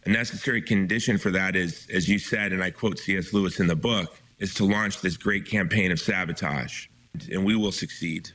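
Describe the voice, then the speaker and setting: A man's voice: low voice, fairly even intonation, normal speed, fairly bright tone, slight background noise. A man being interviewed as a guest author, speaking with urgent emphasis and frequent restarts. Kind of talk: impassioned interview talk.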